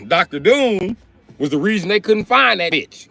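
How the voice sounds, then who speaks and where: A man's voice: high-pitched, very animated, measured pace, gravelly, sharp tone. Man, livestreamer, casual chat, loose and profane, rambling delivery.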